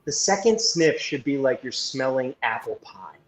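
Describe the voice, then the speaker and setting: A man guest speaks at an average pitch while he walks the listeners through a breathing exercise. His delivery is instructive and coaching. The recording carries a roomy echo. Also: big pitch swings, moderate pace, hardly any pauses.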